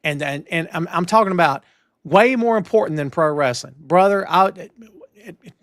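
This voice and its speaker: A man hosting a wrestling news talk show, emphatic and animated, with lots of restarts. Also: sits high, normal speed, dry recording, studio quality. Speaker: podcast host. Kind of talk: casual wrestling news chat.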